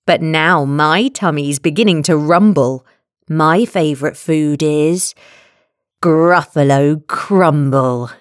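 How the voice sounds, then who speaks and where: A woman's voice: low voice, a little slow, dry recording, studio quality. A woman voicing a small, bold and cunning mouse in a read-aloud children's story, with a cheeky, confident manner.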